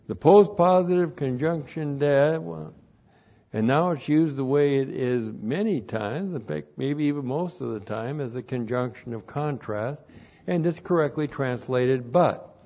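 A man leads a Bible study on Greek words, methodically repeating numbered points and spelling terms out letter by letter. His medium-pitched voice is mellow and a little slow, captured on a dull, lo-fi recording.

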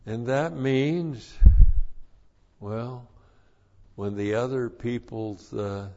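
A man preaching a sermon, slow and deliberate, repeating his numbered points for emphasis. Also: medium pitch, a little mellow, highs cut off.

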